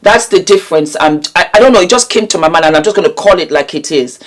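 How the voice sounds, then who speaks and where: A woman's voice: fairly low pitch, expressive, fast talker. A woman vlogger reading celebrity news aloud and breaking off for emphatic, sassy asides to her viewers.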